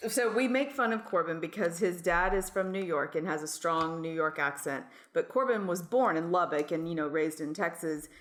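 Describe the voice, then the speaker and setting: Brief: American woman, podcast co-host, lower voice, chatty, echoey room. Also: fairly bright tone. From United States. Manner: chatty, quick to laugh. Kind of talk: casual chat.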